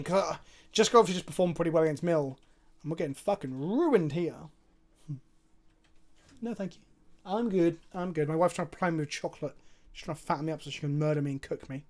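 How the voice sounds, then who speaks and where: A young man streaming a card game, talking through his plays and chatting with viewers in an animated, foul-mouthed, self-mocking way. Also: fairly high pitch, brisk, pauses often.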